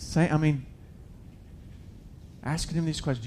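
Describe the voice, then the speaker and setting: A man preaching a sermon, reading scripture and paraphrasing it casually, swinging from loud emphatic bursts to hushed asides. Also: medium pitch, lively intonation, normal speed, pauses often.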